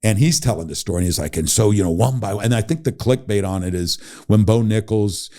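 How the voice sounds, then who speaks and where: A middle-aged man telling a story as a podcast guest, animated and laughing, acting out the people he quotes. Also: lowish voice, quick pace. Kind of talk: casual storytelling.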